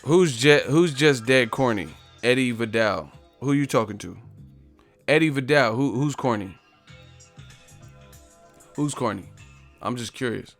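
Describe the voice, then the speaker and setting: Brash, mocking livestream host. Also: male voice, medium pitch, a little slow, pauses often, soft background music. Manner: confrontational, profane, mocking. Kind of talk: live-stream chat, roasting commenters.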